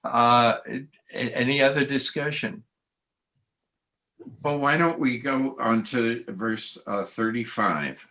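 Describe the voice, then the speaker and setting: A man leading a text study group on a video call, halting and full of restarts. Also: medium pitch, bright, forceful tone.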